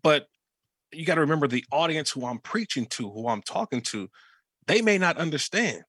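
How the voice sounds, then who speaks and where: A man's voice: a little high, expressive, normal speed, a bit bright, breathy edge, dry recording. A man who works as a sports broadcaster, talking casually and reflectively, telling stories from his own experience. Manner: reflective, storytelling. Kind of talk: casual conversation.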